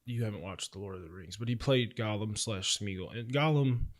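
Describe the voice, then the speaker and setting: A young man with a slightly low voice co-hosts a relaxed podcast chat. He comes across as earnest and easy to agree with, chiming in often with a quick yeah. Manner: agreeable, frequent yeahs, earnest. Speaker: podcast co-host. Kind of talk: casual chat.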